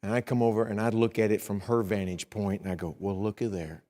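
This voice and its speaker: A middle-aged visiting evangelist preaches an evening sermon quickly, with a fairly low pitch and fairly even intonation, his voice echoing through the long reverb of a church sanctuary. He rises into pleading tones to act out anxious prayers, then hushes for personal stories.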